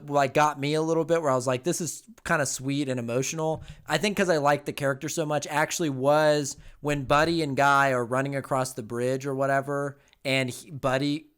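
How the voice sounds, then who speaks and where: A man co-hosting a casual film review podcast, rambling and animated, swearing freely. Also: a little high, clear, resonant tone.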